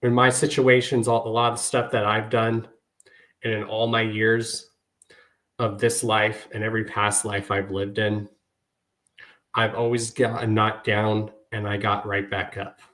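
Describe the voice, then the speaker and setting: A man's voice: on the low side, level tone, a little slow, fairly bright tone. A man hosting his podcast, speaking earnestly and emotionally to his listeners, often repeating "y'all". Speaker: podcast host. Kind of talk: heartfelt podcast monologue.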